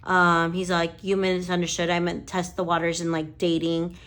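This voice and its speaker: A woman's voice: fairly low pitch, completely flat delivery, moderate pace, a bit bright. A woman lash artist telling a story in casual chat, swearing freely and quoting conversations with "I'm like".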